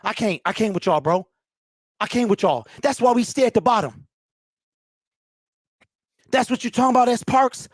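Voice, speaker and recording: A man's voice: sits high, lively intonation, moderate pace, long pauses, dry recording, studio quality. A man hosting a postgame fan call-in show, ranting in a heated, exasperated way and repeating himself.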